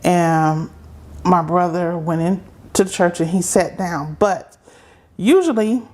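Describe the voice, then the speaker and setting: Middle-aged woman guest, low-leaning voice, halting testimony with pauses. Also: darkish tone. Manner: halting, unhurried storytelling with pauses. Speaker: interview guest. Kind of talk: personal testimony in conversation.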